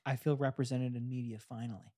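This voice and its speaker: A man's voice: medium pitch, steady tone, quick pace, warm tone, no room sound, clean studio sound. A young man co-hosting a casual podcast chat, playful and laughing often. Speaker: podcast co-host.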